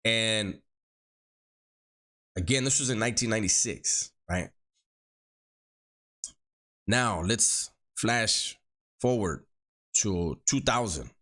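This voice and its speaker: A man's voice: fairly low pitch, animated, takes it slowly, pauses often, pushed and bright. A middle-aged man telling a story from his past in casual street slang, often repeating words as he goes.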